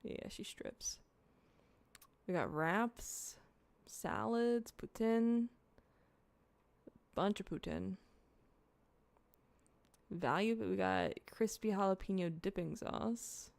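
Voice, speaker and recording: Young woman streamer, loose rambling chat, cusses a lot, gravelly fry in the voice. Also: mid-range voice, takes it slowly, long pauses, darkish tone, dry recording. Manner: chatty, rambling, swears freely, talks to chat. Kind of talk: casual livestream chat, eating on camera.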